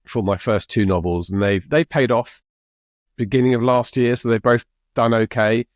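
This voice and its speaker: A middle-aged man co-hosts a podcast, chatting casually in a halting way and restarting his sentences again and again. His voice is medium in pitch, and the recording is dry and studio quality.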